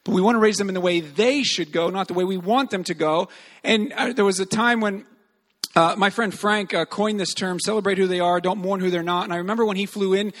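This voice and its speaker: Guy with a high voice preaching about parenting, lots of uh's, echoey hall. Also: a little fast. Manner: earnest, animated storytelling with many fillers. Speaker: speaker on parenting. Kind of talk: sermon-style talk.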